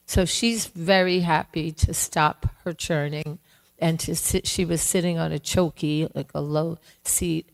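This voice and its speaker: A woman giving a devotional class, telling a sacred story gently and voicing its characters. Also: low voice, steady tone, creaky, rough recording. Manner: gentle, slow storytelling with voiced quotes. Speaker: class speaker. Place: temple hall.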